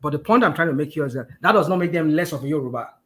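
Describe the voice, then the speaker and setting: A man's voice: on the high side, animated, rapid-fire, fairly bright tone. A Nigerian man hosting a casual chat, explaining earnestly with many fillers. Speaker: host.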